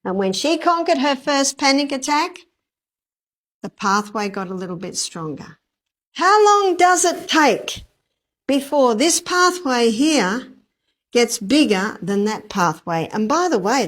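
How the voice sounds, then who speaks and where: A woman's voice: on the high side, very animated, takes it slowly, fairly bright tone. A woman giving a health lecture to a live audience, telling a story and asking the audience rhetorical questions. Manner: acts out quoted dialogue.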